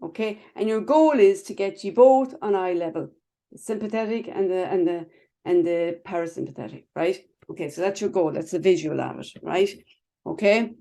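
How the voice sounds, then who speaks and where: A woman's voice: on the low side, lively intonation, normal speed, gravelly, dark tone. A woman teaching a class over a video call, chatty, explaining with everyday images and checking in with "right?" and "okay?" after nearly every phrase. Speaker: wellness instructor.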